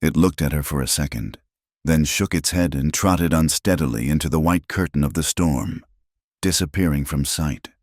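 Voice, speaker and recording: Very deep-voiced male storyteller. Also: darkish tone, no room sound, clean studio sound. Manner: measured, dramatic reading. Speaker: narrator. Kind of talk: scripted storytelling narration.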